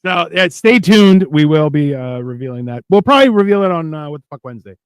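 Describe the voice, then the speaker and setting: A man's voice: a little high, big pitch swings, quick pace, clean tone, dry recording. A man co-hosting a live stream, telling stories in a casual, profane, laughing way. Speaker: co-host. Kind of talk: casual storytelling chat.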